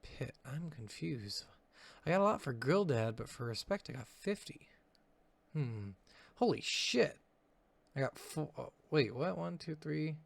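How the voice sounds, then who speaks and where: A man's voice: fairly high pitch, animated, measured pace, creaky, no echo. A young man hosting a let's play, chatting casually, joking and swearing, and reading the game's dialogue aloud. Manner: casual, joking, swears, reads lines in a put-on dad voice. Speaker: gaming channel host. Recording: faint game music behind.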